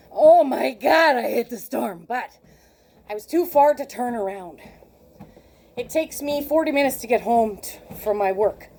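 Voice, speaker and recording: A woman in her late forties telling a personal story in a casual, animated way, laughing often and acting out the conversations she recounts. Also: a little high. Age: 40s. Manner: animated, laughs often, acts out quoted exchanges. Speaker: vlogger.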